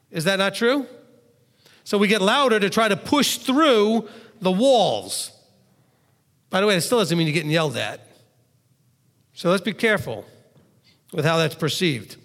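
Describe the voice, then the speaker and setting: A man preaching as a rabbi who gets loud to stress his points. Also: high voice, long reverb tail. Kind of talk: sermon.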